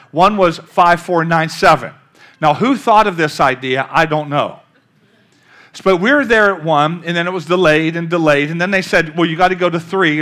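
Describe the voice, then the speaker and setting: An older man, a pastor, preaching a sermon through a long story, calling out questions to the congregation. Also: on the high side. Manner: storytelling, animated, calls out to the congregation.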